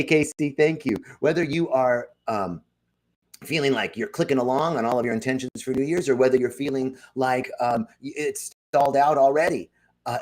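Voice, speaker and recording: A man giving an inspirational spiritual talk on a live stream, telling stories and speaking straight to his viewers. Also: a little high. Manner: lively storytelling, addresses viewers directly. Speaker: spiritual speaker at a wellness center.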